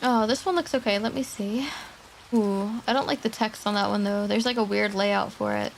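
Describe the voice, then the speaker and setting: A woman's voice: medium pitch, fairly even intonation, normal speed, gravelly, a little hiss or hum, rough recording. A woman streamer chatting casually with her viewers and reading spooky online stories aloud.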